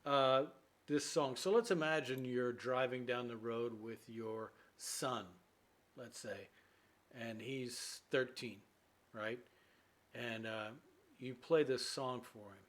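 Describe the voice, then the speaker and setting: A man's voice: medium pitch, slow pace. A man giving a casual English idiom lesson, chatty and full of fillers, acting out everyday examples. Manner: chatty, with many fillers and play-acted quotes. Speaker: English teacher.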